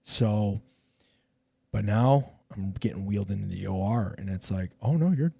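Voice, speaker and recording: A retired police officer, middle-aged, recounts his own story in a casual podcast chat, swearing freely and voicing the people involved in an animated, profane retelling. His lowish voice is unhurried, creaky, and breathy-edged, with no room sound.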